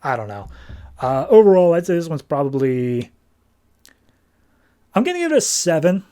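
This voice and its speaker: A man's voice: a little high, very animated, normal speed, warm tone. A man hosting a casual comics podcast, talking in a rambling, offhand way full of fillers. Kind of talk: casual comic book review.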